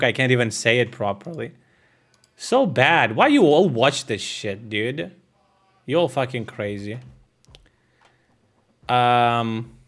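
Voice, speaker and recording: A Ukrainian man with a medium-pitched voice and lively intonation streams live, speaking slowly and pausing often. He chats casually with viewers while reacting to clips, cracking jokes, swearing, and laughing at his own humor.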